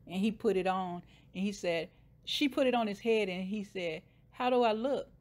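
A woman's voice: medium pitch, normal speed. A woman casually retelling a TV episode scene by scene, briefly voicing the characters' lines. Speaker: show recapper.

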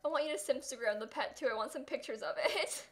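A woman's voice: high voice, fast talker. A young woman streaming a life-sim game, chatting casually, gushing and giggling over her pets and thanking viewers. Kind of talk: casual livestream gameplay chat.

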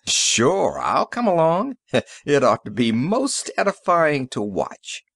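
A weary middle-aged police sergeant, read by a man with a gruff, rueful tone and a lively, swinging delivery. The sound is close and dry, as in a home studio audiobook. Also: fairly high pitch, slow, dry recording, exaggerated voice. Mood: wry. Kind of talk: audiobook character reading.

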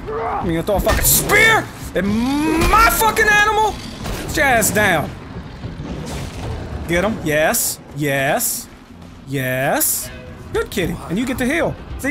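A young man doing let's play commentary, excitable and profane, trash-talking the enemies in his game. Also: high voice. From United States. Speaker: gaming YouTuber.

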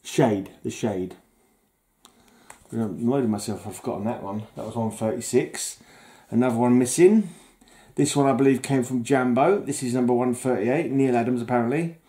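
A man's voice: mid-range voice, normal speed, dark tone. Chuckling man showing his comics. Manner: chatty and easily amused, chuckles often. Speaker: comic collector vlogger. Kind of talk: casual comic collection show-and-tell.

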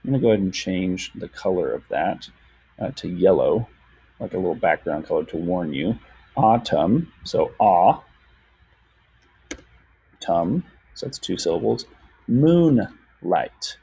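A young man teaching a lesson over a shared screen, patient and full of fillers, slowing down to sound out words. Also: low-pitched, lively intonation, creaky, mellow, breathy edge.

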